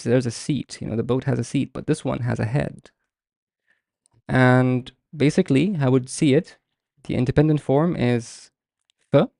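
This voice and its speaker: A young man teaching a beginners' Arabic lesson live online, patiently explaining letters and repeating example words slowly. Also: medium pitch, creaky, mellow, dry recording, clean studio sound.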